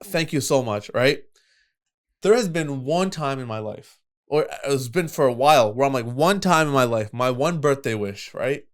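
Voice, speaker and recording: A young man co-hosting a podcast in casual chat, animated, laughing often and swearing freely. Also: medium pitch, moderate pace. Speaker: podcast co-host.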